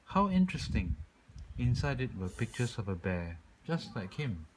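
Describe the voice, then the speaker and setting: A man reading a children's picture book aloud in a calm, expressive way. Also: lowish voice, moderate pace, a little hiss or hum, poor audio. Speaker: storyteller.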